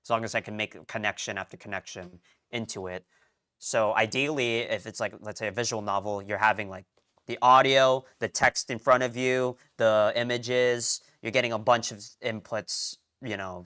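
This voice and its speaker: A young man live-streaming his language study, rambling and thinking out loud, often muttering to himself and restarting sentences. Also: lowish voice, fairly even intonation, normal speed, smooth. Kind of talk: casual live-stream chatter.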